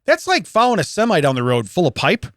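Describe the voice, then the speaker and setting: Laughing, animated male podcast host. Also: high voice, fast talker, dry recording, studio quality. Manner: laughs often, reads news items aloud with jokey asides. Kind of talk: casual comedic banter.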